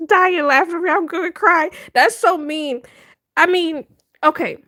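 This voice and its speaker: Slow-talking woman telling stories. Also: extremely high pitch, dry recording. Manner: animated, laughing often, dramatic retelling. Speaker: livestream host. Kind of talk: casual storytelling chat.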